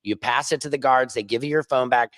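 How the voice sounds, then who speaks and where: A man vlogging as an independent journalist, ranting casually and joking, swinging between high excited bursts and low mutters. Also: a little fast, dry recording. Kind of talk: casual vlog rant. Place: rooftop.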